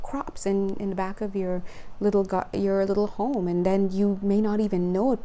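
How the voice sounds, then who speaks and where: A young woman hosting a casual card-reading video, chatty and rambling, laughing often and getting excited as she talks. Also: medium pitch. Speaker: spiritual card reader.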